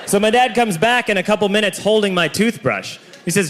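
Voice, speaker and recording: A man doing stand-up, telling a story in deadpan, mock-legal phrasing. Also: high-pitched, a little fast. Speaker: stand-up comedian.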